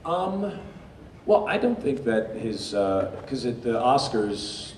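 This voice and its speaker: A man tells stories on a convention stage, and his pitch rises and falls constantly as he goes. The sound comes from far back in a large, echoey hall with a faint hiss of crowd noise underneath. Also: slow. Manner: lively storyteller, slips into character voices. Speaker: convention panel guest, voice actor. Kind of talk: animated anecdote telling to an audience.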